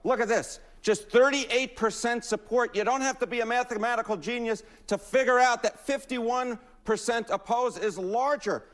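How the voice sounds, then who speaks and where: A man analysing polls on a TV news broadcast in an energetic, emphatic and playful way. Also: very high-pitched, moderate pace, few pauses.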